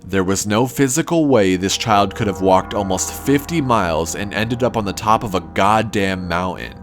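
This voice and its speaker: A man calmly narrating a first-person horror story in a measured, scripted way. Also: fairly low pitch, soft background music.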